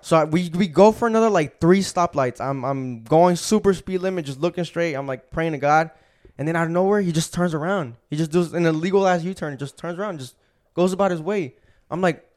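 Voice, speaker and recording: A man's voice: on the high side, fairly quick, darkish tone. A young man hosting a podcast, telling a story in casual, profane street slang. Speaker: podcast host.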